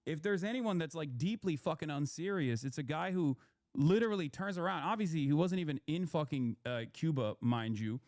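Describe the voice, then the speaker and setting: Young male commentator, slightly high voice, profane rambling rant, dry close sound. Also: animated, brisk, a little mellow, no room sound. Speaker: political commentator.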